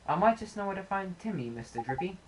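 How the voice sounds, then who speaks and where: A woman doing a high, eager little spirit girl. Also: sing-song, fast talker, background noise, close to an everyday voice. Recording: game music playing under the voice.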